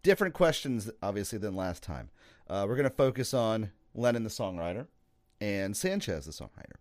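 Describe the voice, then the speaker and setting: Lively, playful male podcast host, dry sound. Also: fairly low pitch, no room sound. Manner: playful, runs rapid-fire questions. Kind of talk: podcast interview.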